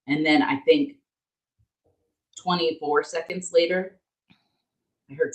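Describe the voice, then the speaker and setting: A woman's voice: deep voice, slow pace, pauses often. Candid woman telling a story in a roomy room. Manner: animated, candid, swears freely. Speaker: podcast co-host. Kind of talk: casual storytelling chat. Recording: roomy echo.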